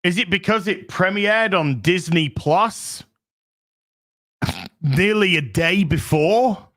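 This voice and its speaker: A man hosting a live stream, talking excitably to his chat, swearing freely as he reacts to the news. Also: sits high, slow. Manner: excitable, swears, chats to viewers. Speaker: streamer host.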